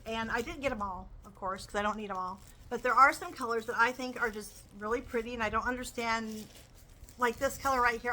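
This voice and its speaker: A woman's voice: on the high side, sharp tone, a little hiss or hum, rough recording. A woman chatting enthusiastically as she shows off her crochet purchases. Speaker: crochet vlogger. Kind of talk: casual show-and-tell chat.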